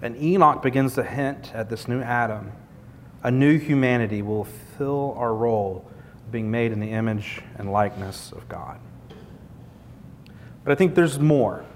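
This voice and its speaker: A man preaching a sermon in an earnest, conversational way, building points through repetition. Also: measured pace. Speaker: pastor. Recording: long hall reverb, faint rumble.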